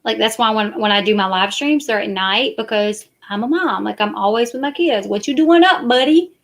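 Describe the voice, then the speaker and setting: A woman's voice: mid-range voice, fairly quick, fairly bright tone. A woman, chatting casually and defensively to her live stream viewers. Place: parked car at night.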